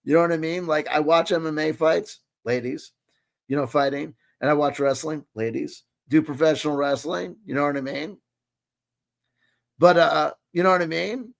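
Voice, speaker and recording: This host, a man in his late forties, rambles through casual reaction commentary, swearing freely and repeatedly asking "you know what I mean." His slightly high voice has a gravelly, creaky edge, and he speaks at normal speed.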